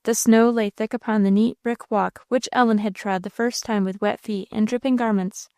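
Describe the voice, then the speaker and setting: A woman narrating a classic novel in a steady, measured audiobook reading. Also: a little high, no room sound, clean studio sound.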